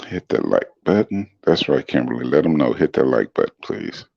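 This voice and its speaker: A middle-aged man with a very deep, smooth voice chatting casually on a livestream, laid-back and chuckling as he greets commenters by name. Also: big pitch swings, moderate pace, a little mellow, dry recording. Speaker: livestream guest reading chat comments. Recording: dull dry lo-fi stream audio.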